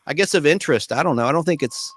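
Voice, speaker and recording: A man with a high, bright voice rambles enthusiastically in a casual chat. His sound is dry and close, as on a video call. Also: expressive, racing, husky, no room sound. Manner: rambling, film-buff enthusiasm.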